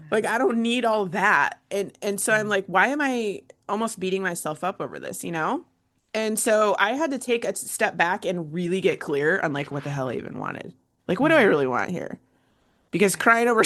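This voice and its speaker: A woman host and coach in casual panel chat, telling a story with animated asides and laughs. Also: mid-range voice.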